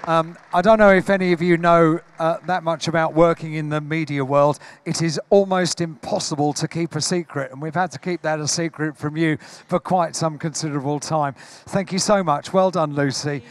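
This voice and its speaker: Guy emceeing an award on stage, bit higher voice, cheery, geeing up the crowd. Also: fairly even intonation, moderate pace, few pauses. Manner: jovial, rallying the crowd for applause. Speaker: stage presenter. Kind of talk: live on-stage award presentation. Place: large exhibition hall stage.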